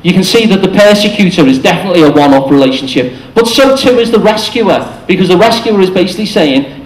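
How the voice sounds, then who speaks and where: High-voiced man giving a talk. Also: expressive, quick pace, hardly any pauses. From England. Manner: chatty and explanatory, acts out quoted voices. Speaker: speaker. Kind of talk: short public talk. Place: cafe venue with audience. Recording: echoey room.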